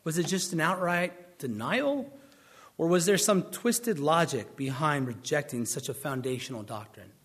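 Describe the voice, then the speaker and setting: A man's voice: fairly high pitch, moderate pace, husky. A man preaching a sermon in a conversational way, with dry, sardonic asides. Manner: conversational, sardonic asides, puts on mocking voices for questioners.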